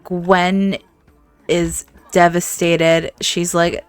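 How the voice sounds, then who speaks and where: A woman narrates her gameplay in a smooth, clear voice with a dry, close sound. She is animated, laughs often and keeps talking straight to her viewers. Faint music plays underneath. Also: mid-range voice, unhurried, dry recording. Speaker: gaming channel host. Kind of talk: let's-play game commentary.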